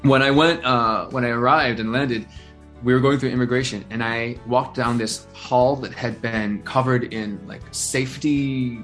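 Animated male storyteller, lots of "uh". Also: mid-range voice, measured pace, faint music behind. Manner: animated storyteller, many fillers and restarts. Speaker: interview guest, singer-songwriter. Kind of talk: casual phone-style chat.

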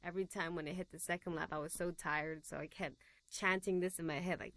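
A woman from Taiwan, a guest in an interview, speaking casual English with a British tint and many relaxed fillers. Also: lowish voice, brisk, dry recording. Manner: relaxed, chatty, with fillers and laughs.

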